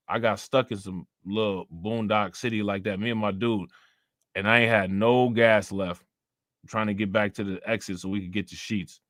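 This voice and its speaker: A man's voice: lowish voice, a bit bright, no room sound. Slangy Northeast Ohio man, dry sound. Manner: loose, rambling, slangy and profane. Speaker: livestream host. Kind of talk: casual livestream chat answering viewers.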